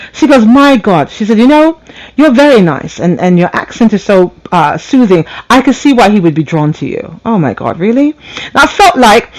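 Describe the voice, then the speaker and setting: A woman's voice: on the high side, poor audio. A woman hosting a late-night call-in radio show, telling a story with candid, profane humor and frequent laughter.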